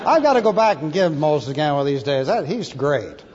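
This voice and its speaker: This man's sing-song voice sits on the high side and runs a little fast, with crowd and background noise around it. He's a pastor teaching Scripture expositorily via Greek word study, emphatic in delivery, spelling each Greek term letter by letter and adding dry humor. The lo-fi audio carries the reverb of a large hall.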